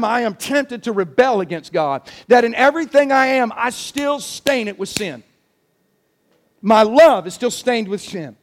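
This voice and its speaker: A man preaching a sermon in an animated, joking, emphatic way. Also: extremely high pitch. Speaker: pastor.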